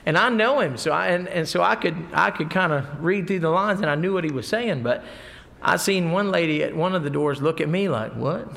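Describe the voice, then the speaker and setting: A man's voice: on the high side, a little fast, creaky, a bit bright, slight background noise. A middle-aged man preaching a folksy sermon, mixing scripture with stories. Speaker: pastor.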